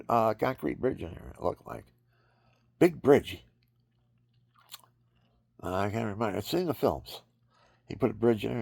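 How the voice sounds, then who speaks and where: A man with a gravelly, husky voice, giving a rambling, preachy religious monologue and acting out scenes with sudden high cries. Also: darkish tone, no room sound, studio quality.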